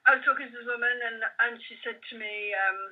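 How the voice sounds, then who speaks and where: A woman's voice: fairly high pitch, fast talker, phone-quality sound. A woman hosting a radio interview, talking in a chatty, self-mocking way. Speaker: radio host, healer. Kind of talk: interview conversation.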